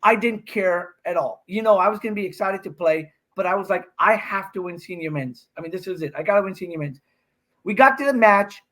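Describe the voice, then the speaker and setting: A man, a pro pickleball player and podcast guest, excitedly telling a match story and acting out what people said. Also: high-pitched. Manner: excitable, fast-talking, acts out quotes.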